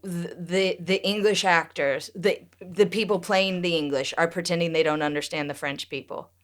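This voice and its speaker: A woman's voice: on the low side, steady tone, moderate pace. A woman co-hosting a podcast, quippy and reactive in casual chat. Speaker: podcast co-host.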